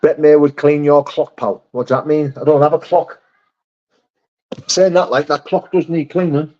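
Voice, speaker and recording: A man's voice: on the high side, fairly even intonation, moderate pace, lo-fi sound. A man hosting a casual live stream, reading out chat messages in a blunt, laddish way with swearing and laughter.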